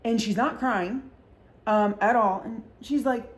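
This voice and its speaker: Measured in pace and a little high in pitch, this woman vlogger rambles through a casual storytime, leaning on constant fillers and lots of swearing. Whenever she quotes someone, she performs their voice.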